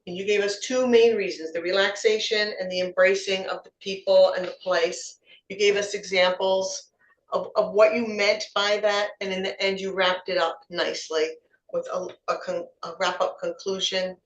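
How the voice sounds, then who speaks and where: A woman's voice: medium pitch, fairly even intonation, normal speed, far from the mic. A woman giving encouraging feedback on impromptu speeches at a club meeting, often repeating words as she finds her phrasing. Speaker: table topics evaluator. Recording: echoey room, voice from away from the mic.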